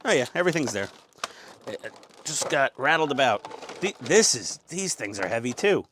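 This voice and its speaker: A man's voice: medium pitch, very animated, moderate pace, fairly bright tone, a little hiss or hum. A man hosting a casual hobby build vlog on a lapel mic, joking, rambling and mocking himself. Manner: jokey, self-mocking, rambling. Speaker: host.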